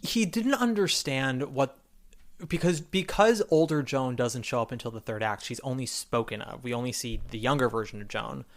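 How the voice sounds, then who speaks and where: A man's voice: medium pitch, moderate pace. A man hosting a podcast, chatting casually and animatedly, acting out quotes as he retells scenes. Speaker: podcast host. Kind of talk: casual chat.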